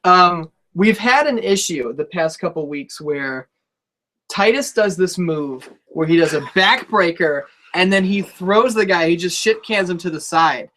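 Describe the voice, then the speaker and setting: Profane, loose-talking podcast host. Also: male voice, sits high, expressive, measured pace, bright, forceful tone. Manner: loose, profane, reads out viewer comments. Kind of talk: casual wrestling chat.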